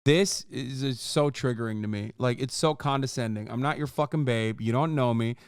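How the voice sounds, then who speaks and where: A man's voice: mid-range voice, normal speed, clean tone, dry recording, clean studio sound. A man in his thirties streaming, reacting to a video with profane, sarcastic ranting. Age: 30s. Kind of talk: casual livestream commentary.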